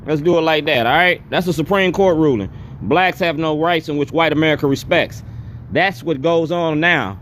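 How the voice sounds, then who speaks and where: Defiant high-voiced man. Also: normal speed, fairly bright tone, slight background noise. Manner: defiant, repetitive, confrontational. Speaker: activist speaking at a town hall. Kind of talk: impassioned public speech.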